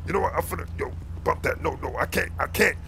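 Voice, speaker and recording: In a comedy skit, a man plays a blustering, incompetent young street cop who barks bossy orders, then fumbles and mutters to himself. His fast delivery comes in a high, bright voice with gravelly fry, over a faint background hiss.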